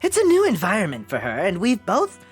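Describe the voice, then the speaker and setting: A woman voicing a poised, knowing young woman in a higher, smoother voice. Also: huge pitch swings, a little fast, faint music behind, heavily acted. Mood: smug.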